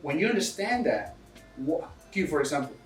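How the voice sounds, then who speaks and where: Man, foreign accent, non-native English speaker, energetic, coaching, casual slang, slightly high voice, roomy distant recording. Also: moderate pace, faint music behind. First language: not English. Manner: energetic, coaching tone, says dude and bro a lot. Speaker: real estate investor guest. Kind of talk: casual podcast interview.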